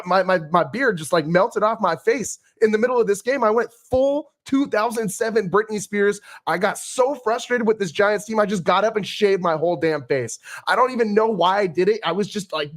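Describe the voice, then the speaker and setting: A man's voice: high voice, moderate pace, few pauses, fairly bright tone. A man hosting a post-game sports podcast, talking in an exasperated, rambling way with frequent restarts. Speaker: podcast host.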